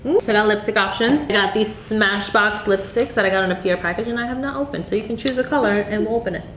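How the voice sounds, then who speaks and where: A woman's voice: medium pitch, fairly bright tone, reverberant, a little hiss or hum. A young woman, a beauty vlogger, chatting playfully and laughing while her makeup gets done. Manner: giggly, playful, quick banter. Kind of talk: casual chat.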